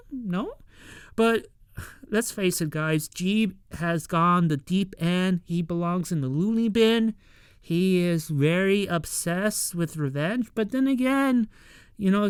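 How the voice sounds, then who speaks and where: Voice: mid-range voice, clean tone, dry recording, clean studio sound. A reviewer recapping a TV episode in a casual, rambling way, full of fillers and acting out the characters' lines.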